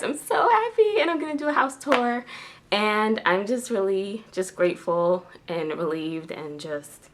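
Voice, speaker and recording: A woman's voice: lowish voice, a bit bright, a little hiss or hum. A woman vlogger chatting casually to her viewers, full of "like" and "um" fillers. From New York. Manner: chatty, lots of "like" and "um". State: tearful with joy. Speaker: beauty vlogger. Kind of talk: casual chat to camera.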